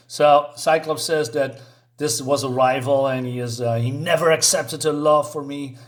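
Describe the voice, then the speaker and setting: A man's voice: medium pitch, fairly even intonation, moderate pace. A man casually reviewing a comic book, retelling the story and reading characters' lines aloud in a chatty, playful way. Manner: chatty, reads dialogue in playful voices, giggles.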